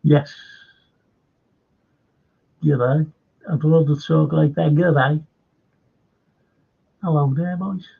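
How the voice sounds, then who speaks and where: An older man with a Liverpool accent hosts a live fan stream, reading out comments and wandering through anecdotes. His voice is gravelly and husky. The sound is dull and lo-fi. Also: fairly high pitch, steady tone, normal speed, few pauses. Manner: rambling anecdotes with repeated restarts. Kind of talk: casual chat reading viewer comments.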